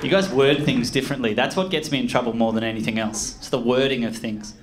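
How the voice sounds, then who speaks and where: A man with an Australian accent doing an animated stand-up comedy set, telling stories with loud voiced impressions. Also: medium pitch, fast. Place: comedy club stage with audience laughter. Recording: echoey club with loud room noise.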